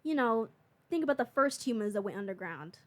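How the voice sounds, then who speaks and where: A woman's voice: a little high, lively intonation, fairly quick. A woman co-hosting a casual podcast, rambling through questions and swearing freely. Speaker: podcast co-host.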